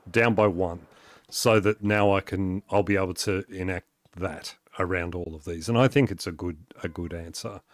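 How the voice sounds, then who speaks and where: A man chatting casually on a gaming live stream, rambling with many fillers and restarts and chuckling often as he talks. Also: lowish voice. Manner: chuckles often while talking.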